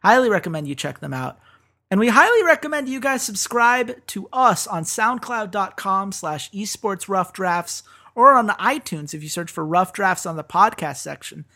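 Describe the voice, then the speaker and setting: A man's voice: sits high, animated, moderate pace, pushed and bright. A man hosting a podcast, chatting upbeat and laughing easily, reading sponsor plugs. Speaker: podcast host. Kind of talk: podcast chat and sponsor read.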